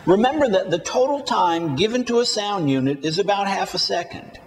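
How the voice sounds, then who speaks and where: A man teaching a recorded spoken-English lesson, reading model sentences slowly and deliberately for learners to repeat. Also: high voice, expressive.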